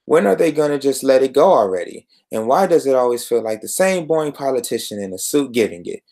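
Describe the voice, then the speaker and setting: Man doing a shrill snarky teen girl. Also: lively intonation, mellow, lightly acted. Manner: high falsetto, quick and whiny. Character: perky teenage girl, snarky and bored. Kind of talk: reading comic dialogue aloud.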